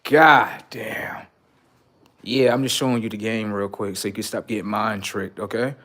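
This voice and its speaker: A man livestreaming blunt, profane relationship advice, lecturing viewers as "sir" and swinging between loud outbursts and low mutters. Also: fairly even intonation, moderate pace. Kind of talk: casual livestream monologue.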